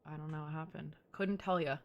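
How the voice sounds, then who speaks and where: A woman's voice: low voice, steady tone, a little fast, dull audio. Chatty playful young woman streamer. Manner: chatty and playful, teasing her chat, frequent "like". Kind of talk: casual live-stream chat.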